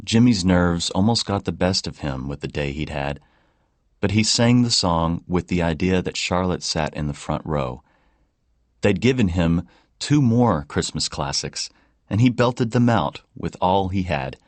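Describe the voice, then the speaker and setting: A man narrating an audiobook in a calm, even reading. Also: deep voice, measured pace, no room sound. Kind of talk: scripted narration. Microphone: close studio mic.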